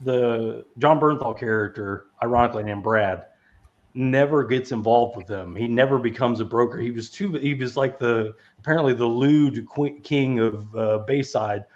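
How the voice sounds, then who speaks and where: A man's voice: medium pitch, moderate pace. A man hosting a podcast, chatting casually about movies in a rambling, profane way, laughing often and full of fillers and restarts. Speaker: podcast host. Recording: dull lo-fi sound.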